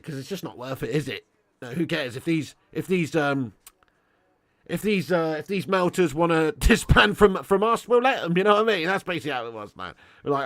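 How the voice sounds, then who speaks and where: A man's voice: on the high side, expressive, a little fast, fairly bright tone, no room sound. Laughing man bantering on a live stream. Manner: banter-heavy, laughs often, joking boasts. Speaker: football watch-along host. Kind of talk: live-stream chat reading super chats.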